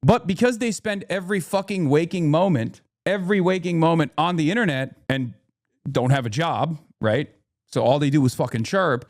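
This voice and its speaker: A man ranting on his live stream, heated and profane, swinging between loud outbursts and low mutters. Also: moderate pace.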